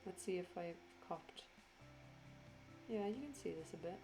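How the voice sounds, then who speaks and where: A tired woman rambles through a casual voiceover for her craft video, swearing freely and poking fun at herself. Her voice sits a little low and is expressive, at a slightly slow pace, with music playing in the background.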